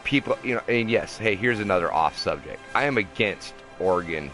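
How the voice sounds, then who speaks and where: A young man with a low, deep voice delivers a heated, profane rant, preachy and pissed off. He talks from his car, with faint music playing behind him. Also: expressive, normal speed, fairly bright tone. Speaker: vlogger. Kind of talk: angry ranting monologue. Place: in a car at a drive-through.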